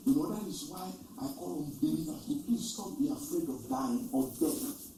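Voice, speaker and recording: Preacher in an echoey hall. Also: male voice, on the high side, moderate pace, a little hiss or hum. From Nigeria. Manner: animated storytelling preacher, repeats key lines, rises to loud emphasis. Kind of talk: sermon. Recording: echoey, distant from the mic.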